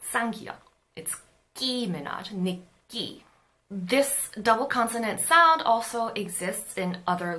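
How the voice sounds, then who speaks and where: Bright-voiced woman teaching pronunciation. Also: medium pitch. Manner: clear, patient explaining with spoken sound examples. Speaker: Korean language teacher. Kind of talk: pronunciation lesson.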